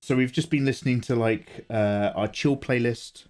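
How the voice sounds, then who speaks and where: A man from England hosting a casual live art stream, greeting viewers and joking around with a sleepy, low-energy manner. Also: normal speed, a little mellow. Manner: chatty, greets viewers, self-deprecating jokes. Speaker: livestream host, illustrator. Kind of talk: casual livestream chat.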